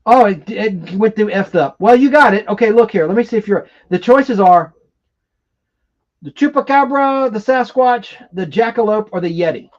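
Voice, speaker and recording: A man with a fairly high voice hosts a casual livestream, rambling and excitable as he chats with viewers. The audio is dull and lo-fi, like a basic home stream. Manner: rambling, excitable, reads viewer comments aloud. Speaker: livestream host. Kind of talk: casual live chat and trivia hosting.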